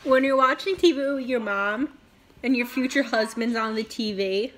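A woman's voice: fairly high pitch, normal speed, a bit bright. A young woman vlogging casually from her bathroom, chatty and rambling, swearing a lot and laughing often. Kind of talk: casual chat. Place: bathroom, in a towel.

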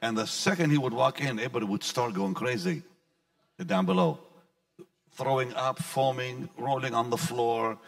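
A man with a gravelly voice tells his own story in an interview, circling back and repeating words as he goes. He speaks from somewhat far off the mic, so the sound is distant. His pitch sits in an ordinary middle range. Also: normal speed. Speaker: pastor. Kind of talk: personal testimony in an interview.

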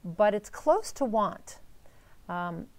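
Woman, gravelly voice, mid pitch, casual coaching talk, upbeat, frequent "right?" check-ins. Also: expressive, slow pace. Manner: coaching, upbeat, uses rhetorical "right?" and "okay?". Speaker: manifestation coach.

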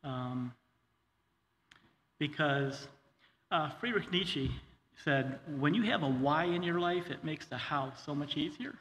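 A middle-aged man telling his personal testimony in a church, earnest and halting, with many fillers and restarts. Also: fairly high pitch, a bit bright, slight background noise. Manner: earnest, says he gets choked up. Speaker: guest speaker sharing his testimony. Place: church hall. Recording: long hall reverb, faint ambience.

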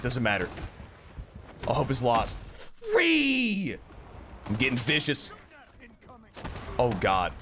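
A man commentating his own gameplay, excitable and joking, who swears and swings between yelling and mumbling. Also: mid-range voice, normal speed, long pauses, noisy background. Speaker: gaming YouTuber. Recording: game gunfire and explosions behind the voice.

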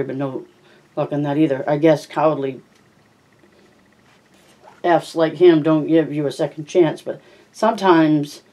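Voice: mid-range voice, mellow. An amateur audiobook reader narrating a novel in the first person, stumbling and correcting words along the way. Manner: reads with slips and self-corrections.

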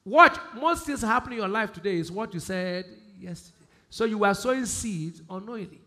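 Male pastor, Nigerian accent, sermon delivery, high bright voice, call-and-response phrasing. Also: lively intonation, fairly quick. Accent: Nigerian English. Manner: call-and-response questions, repeats key phrases, swings from loud emphasis to quiet.

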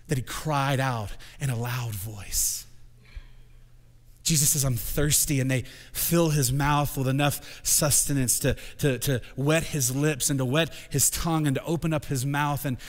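Male pastor, sermon, swells from hush to shouting, long church-hall reverb. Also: mid-range voice. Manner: builds from quiet to shouting proclamation. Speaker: senior pastor. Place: church sanctuary.

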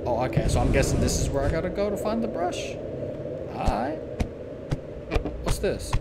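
A man's voice: on the high side, wildly swooping pitch, moderate pace, gravelly, heavy background noise. A young man streaming a horror game, talking in slang, swearing and crying out at every scare. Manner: jumpy, loud outbursts, swearing slang. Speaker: gaming channel host.

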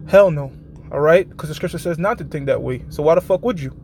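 High-voiced blunt man preaching live. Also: a little mellow, a little hiss or hum. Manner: blunt and profane, constant checks with his listeners; slows down for scripture passages. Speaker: street preacher hosting a live show. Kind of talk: informal preaching with scripture reading.

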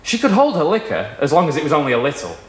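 Man reading a story aloud, lively voice. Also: fairly high pitch, very fast, slight background noise. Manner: expressive storytelling. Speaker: reader. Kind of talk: live reading of a short story. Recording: echoey room at a live reading.

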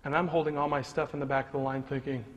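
A man giving a lively, humorous motivational talk, telling a story to a live audience in a large hall. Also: medium pitch, quick pace. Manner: animated and humorous, swings between loud punchlines and hushed moments. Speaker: motivational speaker. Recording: long reverb of a large hall, faint noise.

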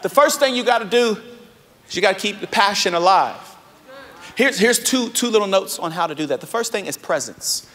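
A young man preaching a sermon as pastor, moving between loud exhortation and hushed, soft storytelling. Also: high voice, lively intonation, brisk. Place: large church auditorium. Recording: live sermon with echoey hall.

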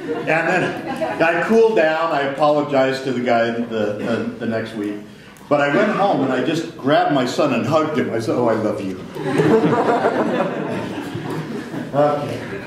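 Echoey lecture-hall man, lively. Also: a little high, takes it slowly, long pauses, crowd noise. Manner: lively storytelling with chuckles. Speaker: physics lecturer. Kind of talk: live classroom lecture.

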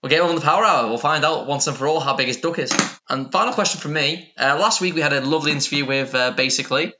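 A man's voice: on the high side, quick pace, pushed and bright, lo-fi sound, a little hiss or hum. A British man hosting a comedic podcast interview, hesitant and mock-earnest. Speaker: podcast host.

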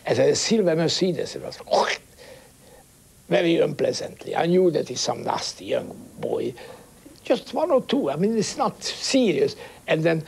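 Older Hungarian-accented man, gravelly. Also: a little high, wildly swooping pitch, a little mellow, slight background noise. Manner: halting, broken English phrasing. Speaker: interviewee, conductor. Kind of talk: reflective interview.

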